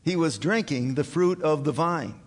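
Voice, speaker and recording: A man preaching a communion sermon as pastor, slow and earnest, building to emphatic high points. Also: lively intonation, big-room sound. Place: church sanctuary.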